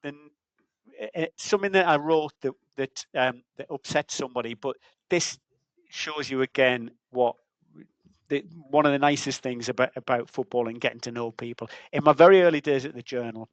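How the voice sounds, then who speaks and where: A man's voice: mid-range voice, normal speed, no echo, low-quality recording. A man in his fifties, a football journalist, telling an old anecdote in a rambling way with many restarts. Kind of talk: anecdotal storytelling.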